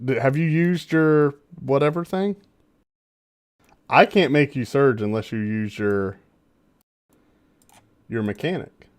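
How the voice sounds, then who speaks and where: Slow, playful game master, a man. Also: mid-range voice, clear, resonant tone. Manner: playful descriptive storytelling, breaks into laughter. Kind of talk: narrating a tabletop game livestream.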